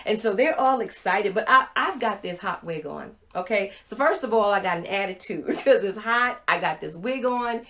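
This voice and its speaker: A middle-aged woman giving a motivational livestream talk, telling a personal story with animated acted-out dialogue. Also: mid-range voice, normal speed, hardly any pauses. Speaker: motivational speaker. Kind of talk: Facebook Live talk to viewers.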